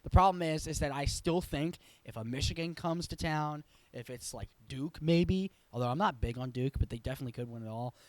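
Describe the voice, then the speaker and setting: A man's voice: on the high side, fairly quick, hardly any pauses, no echo. A man hosting a sports show, giving blunt, opinionated, rambling commentary full of self-corrections in a casual tone.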